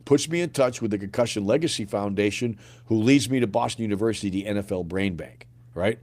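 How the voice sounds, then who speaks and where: A man's voice: fairly low pitch, fast, a little mellow. Blunt, slangy middle-aged American man. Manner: blunt, casual, peppered with slang and swearing. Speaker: podcast guest, grieving father. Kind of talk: emotional personal storytelling.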